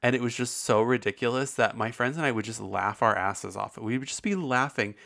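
A man's voice: medium pitch, fairly quick, gravelly, fairly bright tone. A man hosting a podcast in casual, rambling chat, candid and full of swearing. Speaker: podcast host.

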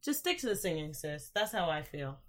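A woman's voice: low voice, very animated, brisk, fairly bright tone. A woman hosting a casual podcast, talking through her opinions in an easygoing conversational way. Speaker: podcast host.

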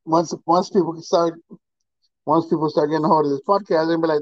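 A man's voice: a little high, fairly even intonation, brisk, darkish tone, dry recording. A man, a laid-back podcast guest who chats casually and laughs often. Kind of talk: casual chat. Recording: dull, dry lo-fi recording.

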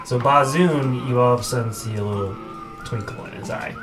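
A man running a tabletop game as game master, narrating in a relaxed, hesitant way. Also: fairly low pitch, fast, over music.

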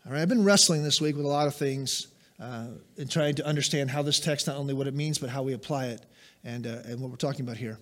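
A man's voice: mid-range voice, fast talker. A man preaching a sermon as pastor, emphatic, with pointed asides to the congregation. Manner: emphatic, rises and drops sharply for stress.

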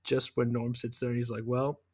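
A man's voice: medium pitch, brisk, husky. A man co-hosting a podcast, chatting casually and retelling scenes with lots of fillers. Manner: relaxed, filler-heavy storytelling. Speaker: podcast co-host. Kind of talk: casual chat.

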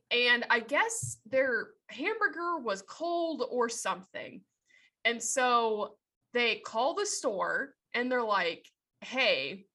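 Bright-voiced woman in her thirties. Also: a little high. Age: 30s. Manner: animated, swears freely, laughs while telling. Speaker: storyteller in a casual chat. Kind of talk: casual chat.

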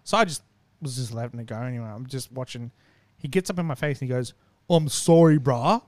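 A man's voice: medium pitch, fast, no echo. A man casually telling a long, profane story and acting out what people said. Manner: animated, profane, acts out quotes.

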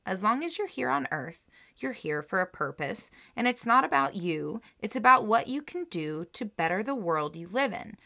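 A woman's voice: medium pitch, very animated, normal speed, creaky, pushed and bright. A woman co-hosting a podcast, reading a researched story and quotes aloud, then reacting emotionally to them. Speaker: podcast co-host telling a story. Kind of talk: casual chat with read-aloud history and quotes.

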